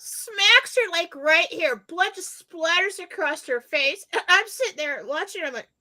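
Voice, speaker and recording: A woman's voice: very high-pitched, expressive, moderate pace, bright, forceful tone. A woman co-hosting a casual talk show, telling stories animatedly and laughing as she goes. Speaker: co-host. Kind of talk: casual chat, storytelling.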